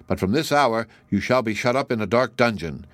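A man's voice: medium pitch, lively intonation, a little fast, a bit bright, no room sound, close to an everyday voice. Guy reading a bossy fairy-tale king, snaps orders, dry close voice. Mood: regal. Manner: commanding, abrupt outbursts. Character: stern older male king, commanding.

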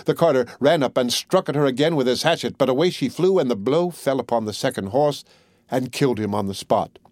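A man reading a fairy tale aloud as an audiobook narrator, in a measured, even manner. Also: mid-range voice, no room sound. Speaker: audiobook reader. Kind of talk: storybook narration.

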